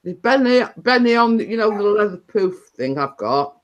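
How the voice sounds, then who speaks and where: A woman's voice: mid-range voice, lively intonation, normal speed. A woman hosting a casual live stream, talking in a rambling, chatty way with many fillers and restarts. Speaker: livestream host.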